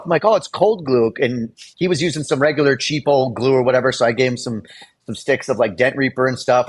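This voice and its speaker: A man's voice: medium pitch, fast talker, slightly rough. A man, a guest on a video-call show, telling shop stories in casual talk and acting out the people he quotes. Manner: storyteller who acts out quoted people. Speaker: guest, dent repair technician.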